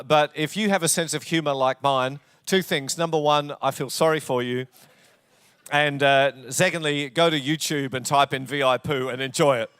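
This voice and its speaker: A man's voice: on the high side, clean tone, dry recording, studio quality. A male pastor with an Australian accent preaching a sermon, telling stories with jokey asides. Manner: jokey, storytelling, warm asides. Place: church.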